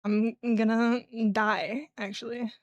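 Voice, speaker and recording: A young adult woman streaming live, her voice a little throaty after eating, chatting casually and clearing her throat often. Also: fairly high pitch, fairly even intonation, slow pace, dry recording, lo-fi sound.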